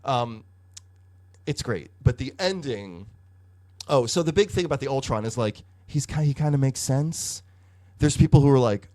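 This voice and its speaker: A man's voice: medium pitch, normal speed. A man co-hosting a podcast, recapping comics in casual chat, swearing freely and filling his talk with "like". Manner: animated, profane storytelling with hedging fillers. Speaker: podcast co-host.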